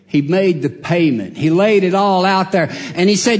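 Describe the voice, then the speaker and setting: Folksy preacher in a reverberant hall. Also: male voice, measured pace. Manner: folksy, animated, acts out characters with big pitch jumps. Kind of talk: storytelling sermon. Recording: long reverb of a large hall.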